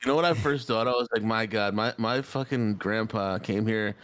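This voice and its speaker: A man's voice: fairly low pitch, normal speed, fairly bright tone, no room sound. Laid-back young male podcast co-host. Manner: laid-back, wry, swears casually. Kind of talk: casual podcast banter.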